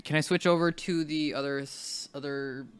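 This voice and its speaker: A woman's voice: deep voice, fairly even intonation, moderate pace. A woman streaming casually who mutters and swears to herself while setting up hardware. She is ill with COVID. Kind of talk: casual livestream chat.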